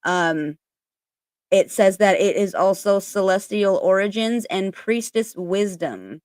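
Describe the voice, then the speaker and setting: A woman's voice: mid-range voice, animated, slow pace, darkish tone, no echo. A woman chatting casually and reading aloud, with lots of fillers and casual swearing. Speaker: spiritual content creator.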